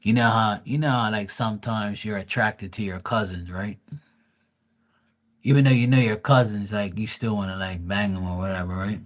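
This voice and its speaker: A man's voice: fairly low pitch, steady tone, normal speed. A man telling stories in a casual, crude and mocking rant, full of swearing, with stammered restarts. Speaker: vlogger.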